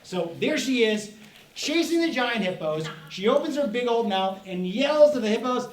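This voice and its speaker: A man's voice: extremely high pitch, animated, normal speed, a bit bright. A middle-aged man, an author, giving a playful, storytelling presentation to children at a festival. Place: festival event room. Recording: echoey room, speaker far from mic, faint noise.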